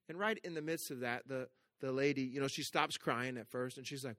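A man preaching a sermon. He tells a story with playful asides and drops to a soft, hushed voice for the tender moments. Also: medium pitch, fast talker, no room sound. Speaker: pastor.

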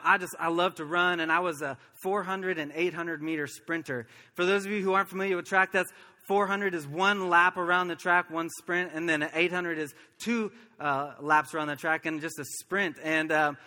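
A pastor from Oklahoma preaching a sermon, telling stories earnestly and chuckling now and then. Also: male voice, sits high, pushed and bright, long reverb tail. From Oklahoma, USA.

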